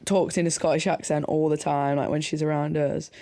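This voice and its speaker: A young adult co-host on a relaxed podcast, mostly giving short agreeing replies and laughing often. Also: medium pitch, a little fast, no room sound, clean studio sound. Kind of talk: relaxed casual chat.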